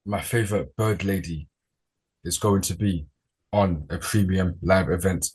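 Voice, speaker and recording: A man hosting a casual wrestling chat, relaxed and rambling, with slangy sounding talk. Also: low-pitched, a little slow, husky. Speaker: podcast host.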